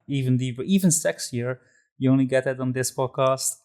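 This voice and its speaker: A man's voice: mid-range voice, steady tone, brisk, darkish tone. A man hosting a podcast, introducing the episode and guest in a loose, friendly way with fillers. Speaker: podcast host.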